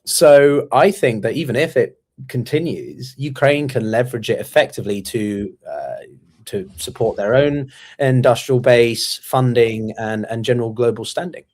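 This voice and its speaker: A man speaking as a guest analyst in a conversational way, measured but full of ums and restarts. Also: mid-range voice, a little mellow. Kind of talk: conversational commentary.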